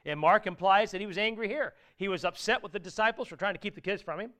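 Earnest high-voiced male preacher, smooth tone. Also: fast. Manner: earnest and conversational, with sudden loud exclaimed asides. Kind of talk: sermon.

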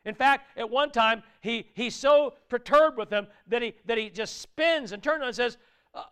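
A man preaching a sermon with a high, smooth and resonant voice. He talks to the congregation in an earnest, conversational way. Now and then he bursts into a loud exclaimed aside. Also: very animated, moderate pace.

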